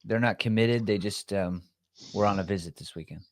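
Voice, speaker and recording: A man's voice: lowish voice, fairly quick, dry recording. A man hosting a podcast in casual chat, hesitant with many fillers as he steers the talk.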